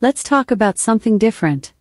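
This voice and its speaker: A woman's voice: a little high, lively intonation, quick pace, no echo. A synthetic woman's voice, a voice assistant giving scripted chatty replies in an evenly cheerful tone.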